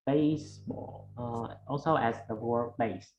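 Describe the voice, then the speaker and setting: An English student answering questions in a lesson, hesitant with many pauses. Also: medium pitch, highs cut off, a little hiss or hum.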